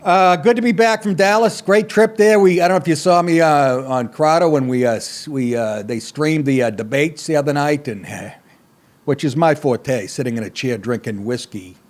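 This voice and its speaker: A middle-aged man hosting a comedy podcast, ranting in a crude, sarcastic, blunt way with constant swearing. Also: mid-range voice. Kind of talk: profane comedic rant.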